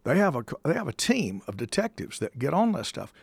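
A man's voice: medium pitch, big pitch swings, a little fast, vocal fry, husky, dry recording. A man hosting a call-in show, talking in an emphatic, folksy way and repeating himself for stress, with touches of a preacher. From United States. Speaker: host taking calls. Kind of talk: casual on-air talk with preacherly touches.

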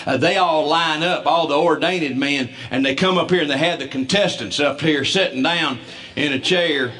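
Folksy stand-up storyteller. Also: male voice, a little high, normal speed, sharp tone. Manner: folksy, stumbling restarts, laughing through stories. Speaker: comedian.

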